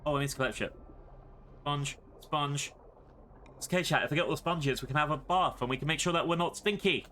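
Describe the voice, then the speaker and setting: A man's voice: on the high side, brisk, bright, forceful tone, slight background noise. A British man streaming a game live, chatting playfully and rambling to his chat.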